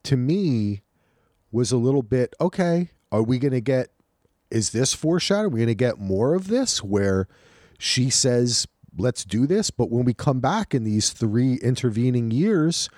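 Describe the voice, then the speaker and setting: A man co-hosting a podcast in casual chat, talking in a lively, animated way. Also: mid-range voice, moderate pace, dry recording, clean studio sound. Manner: animated, lively storytelling with acted quotes. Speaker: podcast co-host.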